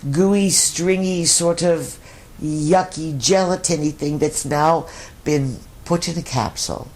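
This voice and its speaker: A man's voice: fairly high pitch, slow pace. A man speaking as a collective voice in a channeling session, using emphatic, repeated lists. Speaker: channeled speaker answering questions.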